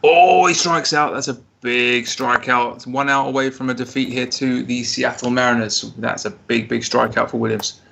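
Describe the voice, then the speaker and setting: A man co-hosting a live baseball show, calling the plays, hesitant and apologetic between bursts of excitement. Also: mid-range voice, normal speed, creaky, a little hiss or hum. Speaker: co-host. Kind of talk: live play-by-play commentary.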